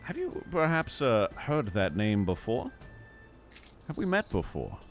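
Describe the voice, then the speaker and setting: A man playing a smooth-talking, scheming male lord in a tabletop role-play, in a pompous mock-aristocratic voice. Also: fairly low pitch, huge pitch swings, a little slow, faint music behind. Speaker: player.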